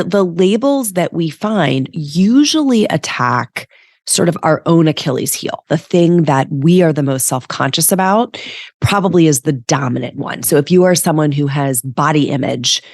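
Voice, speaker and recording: Low-voiced stuffy woman podcast host. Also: darkish tone, dry recording, clean studio sound. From United States. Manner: chatty, frequent "like" and "right?". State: stuffy from allergies. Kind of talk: casual solo podcast talk.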